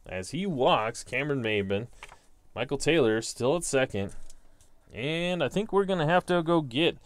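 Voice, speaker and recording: A man's voice: medium pitch, no room sound. A man hosting his own channel, calling a tabletop baseball simulation play by play. He reads out each dice result, then narrates it like a broadcaster, with the odd self-deprecating aside. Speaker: host.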